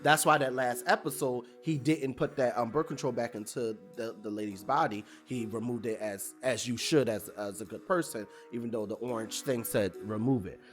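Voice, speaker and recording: With a mid-range voice, a moderate pace and few pauses, a TV recap reviewer talks through an episode over soft music. He retells scenes casually, slipping in fillers and performing the characters' words.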